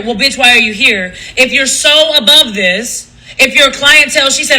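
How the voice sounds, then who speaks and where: A man's voice: very high-pitched, normal speed, bright, forceful tone, rough recording. A man hosting a livestream, ranting casually in a blunt, profane, gossipy way. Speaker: livestream host.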